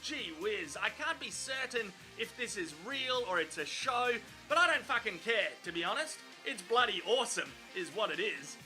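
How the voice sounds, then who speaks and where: Australian man, cheeky swearing commentary, very high bright voice, faint music behind. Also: normal speed, hardly any pauses. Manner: profane, excitable and cheeky. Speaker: host. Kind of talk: comic voice-over commentary.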